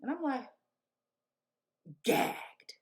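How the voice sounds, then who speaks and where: A young woman vlogging, telling a story in a casual, slangy, animated way and acting out what people said. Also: drawn-out words. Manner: animated, slangy, acts out quotes.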